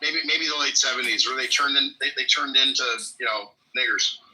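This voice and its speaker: Animated, provocative man on a podcast. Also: medium pitch, brisk, rough recording. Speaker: podcast co-host. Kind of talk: casual chat.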